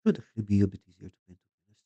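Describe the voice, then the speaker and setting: A low-voiced man narrates a casual miniature painting tutorial. His tone is very dark and relaxed, and his voice often drops away mid-sentence. The recording is dull, lo-fi and dry. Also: rapid-fire, dry recording. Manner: soft-spoken, trails off quietly mid-thought.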